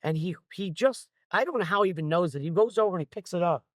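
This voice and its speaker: A man, a guest on a talk show, telling a long story in a casual, lively way. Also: high voice, quick pace, no echo, studio quality. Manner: lively, acts out other people's lines while telling a story. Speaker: guest metal artist.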